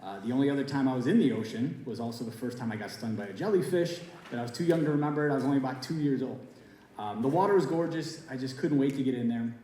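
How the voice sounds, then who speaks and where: A man's voice: mid-range voice, fast talker, mellow, slight background noise. A man of about forty, a teacher, telling a personal story at a school event in a casual, conversational way with lots of fillers. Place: school auditorium or hall. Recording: very echoey hall.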